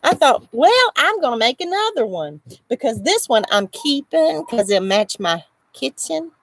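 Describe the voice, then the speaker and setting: A woman's voice: high-pitched, big pitch swings, unhurried, a bit bright, slight background noise. A woman hosting a casual crochet livestream outdoors, chatting and reading viewers' comments aloud as she laughs often. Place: outdoors in the shade.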